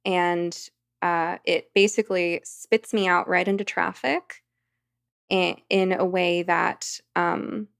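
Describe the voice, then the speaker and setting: A woman's voice: on the low side, gravelly, fairly bright tone. A woman, a podcast guest, telling a vivid story in casual conversation. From United States.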